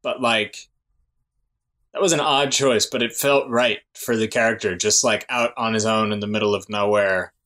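A man's voice: fairly low pitch, steady tone, moderate pace, sharp tone. A man co-hosting a podcast in casual chat, agreeing along and making his points one by one. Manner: agreeable, laughs along, argues points in order. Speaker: podcast co-host.

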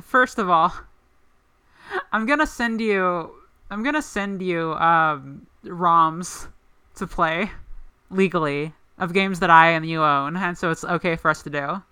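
A woman's voice: lowish voice, measured pace, sharp tone, clear, resonant tone, dry recording. A woman co-hosting a podcast in casual chat, rambling with lots of "like" fillers. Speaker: podcast co-host.

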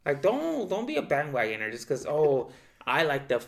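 A man talks loosely in a casual chat. His voice is gravelly, with a rough fry on it. He vents with plenty of swearing and acts out what he said to himself. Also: fairly high pitch, moderate pace. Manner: profane, animated venting with quoted self-talk. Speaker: podcast co-host, football fan.

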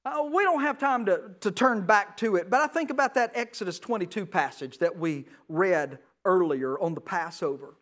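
Male preacher with a strikingly high voice, acts out story characters mid-sermon to a big congregation. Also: animated, moderate pace, hardly any pauses. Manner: dramatic storytelling with acted dialogue; fervent, swings between loud and hushed. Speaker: pastor. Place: large room with an audience.

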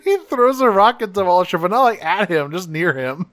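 A man's voice: sits high, animated, a little fast, a bit bright, no echo, studio quality. A man co-hosting a podcast, recapping an episode in a loose, profane, chatty way full of fillers. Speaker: podcast co-host.

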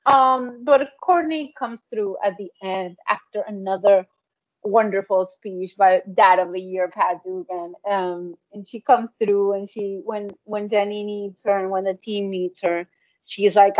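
A woman's voice: mid-range voice, normal speed, a little mellow, no room sound. A woman co-hosting a podcast over a remote call, talking things through thoughtfully in casual chat. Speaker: podcast co-host. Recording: dull dry lo-fi call audio.

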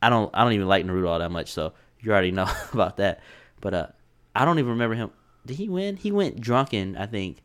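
A man with a somewhat low voice talks in a casual, slangy way. He is blunt and swears freely. He laughs often as he chats. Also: expressive, fast, a bit bright, clear, resonant tone. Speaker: podcast co-host. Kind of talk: casual chat.

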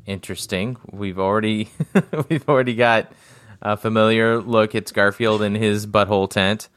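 A man co-hosting a casual podcast chat, describing things in slow, halting phrases and chuckling often. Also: lowish voice, fairly even intonation, fairly bright tone, smooth, no echo, studio quality. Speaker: podcast co-host.

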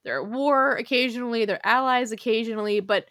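A woman's voice: a little high, fairly quick, fairly bright tone, no room sound, studio quality. A young adult woman hosting a podcast, chatting casually about history with lots of fillers and frequent laughs. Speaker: podcast host.

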